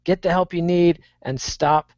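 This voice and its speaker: A man's voice: fairly high pitch, fairly even intonation, a little slow, a crowd in the background. Blunt man on a dull video call. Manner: blunt, plain-spoken opinions. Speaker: panelist. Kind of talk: casual podcast chat. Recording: dull, dry online call audio.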